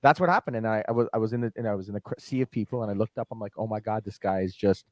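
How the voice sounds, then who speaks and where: A man in his forties, a guest DJ, telling stories on a podcast in a lively, laughing way and swearing freely. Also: lowish voice, dry recording. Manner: animated, swears freely, laughs often, quick asides. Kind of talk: casual podcast storytelling. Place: podcast studio.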